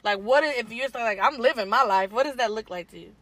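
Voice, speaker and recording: A woman's voice: fairly high pitch, fast, a bit bright. A woman, casually chatting as a podcast co-host and talking straight to her listeners. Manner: chatty, addresses listeners as y'all, laughs often. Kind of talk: casual chat.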